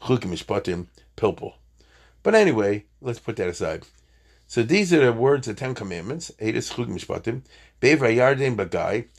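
A man's voice: medium pitch, very animated, moderate pace. A man teaching an informal Torah class, chatty, with joking asides and Hebrew terms.

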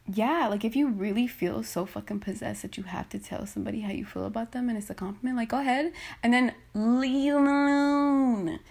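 A woman's voice: a little high, gravelly, a little mellow. A woman podcast host ranting casually and bluntly into her phone, swearing and exasperated.

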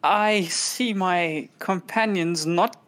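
A woman player speaks in a somewhat low, laid-back voice. She describes her character's actions casually. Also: slow pace. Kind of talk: casual tabletop play.

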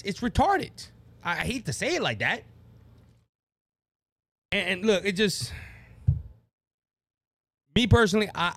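A man's voice: sits high, a bit bright, dry recording. A man with a Louisiana accent hosting a political talk show, passionate and worked up, often stumbling and repeating words. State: worked up and sweating. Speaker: podcast host.

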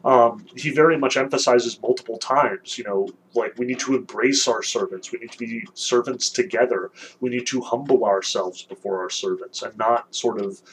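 Animated male lecturer. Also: mid-range voice, normal speed, hardly any pauses, slight background noise, poor audio. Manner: fillers and restarts, conversational. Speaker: literature lecturer. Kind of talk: lecture with read-aloud passages.

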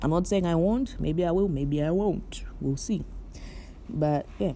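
A woman's voice: low-pitched, measured pace, warm tone, a little hiss or hum. A young woman from Morocco hosting a casual solo podcast from her bed, rambling and chatty with lots of fillers. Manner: chatty and rambling, with frequent "like" and "you know" and light laughs. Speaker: podcast host.

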